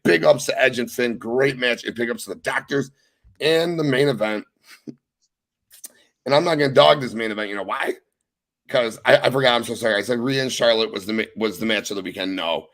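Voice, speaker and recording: A young man hosting a casual wrestling recap podcast, talking with excited, profane emphasis. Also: mid-range voice. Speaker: podcast host.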